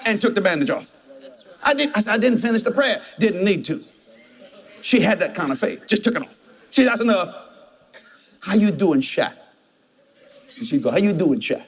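A man's voice: high-pitched, breathy edge. A man, preaching a storytelling sermon and jumping into quoted voices with laughter.

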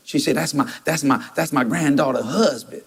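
A man's voice: on the high side, normal speed, creaky, breathy edge. A man, preaching a storytelling sermon and jumping into quoted voices with laughter.

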